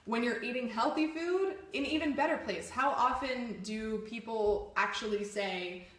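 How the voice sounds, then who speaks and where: A woman's voice: fairly high pitch, unhurried, a bit bright, roomy sound. A woman co-hosting a live fitness show, chatting casually in an upbeat, encouraging way. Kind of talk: casual live-stream chat.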